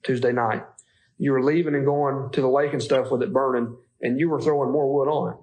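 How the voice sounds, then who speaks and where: Fast-talking male police investigator. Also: mid-range voice, fairly even intonation, darkish tone, poor audio. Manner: pressing, repeating pointed questions. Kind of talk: recorded police interview.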